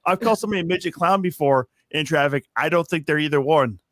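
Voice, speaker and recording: A man's voice: a little high, quick pace, fairly bright tone, no room sound, clean studio sound. A man, co-hosting a casual live stream and ranting about traffic with heavy swearing. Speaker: podcast co-host. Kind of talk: profane casual chat. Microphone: video call.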